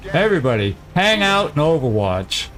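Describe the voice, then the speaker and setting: A man hosting a let's-play, chatting casually and thinking aloud as he plays, quick to laugh. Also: on the high side, sing-song, a bit bright. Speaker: gaming channel host.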